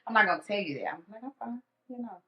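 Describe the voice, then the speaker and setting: A woman's voice: medium pitch, expressive, very fast. Candid woman in an echoey room. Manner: candid storytelling, acts out her own inner thoughts. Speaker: podcast guest. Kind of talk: casual conversation. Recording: echoey dull room sound.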